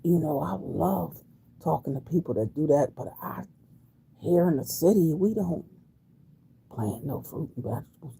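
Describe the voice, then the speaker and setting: A woman's voice: low voice, lively intonation, moderate pace, vocal fry, warm tone, a little hiss or hum. A woman in her sixties from Wilmington, Delaware, chatting casually on a livestream and answering viewers in a folksy way. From Wilmington, Delaware, USA. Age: 60s. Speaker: livestream host reading viewer comments. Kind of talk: casual live-stream chat.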